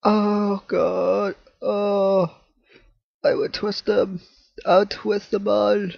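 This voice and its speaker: A man's voice: sits high, level tone, drawn-out words, gravelly, no room sound, highs cut off. A man commentating his own horror game play, jumpy, swearing, laughing and talking to objects in the game. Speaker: gaming channel host.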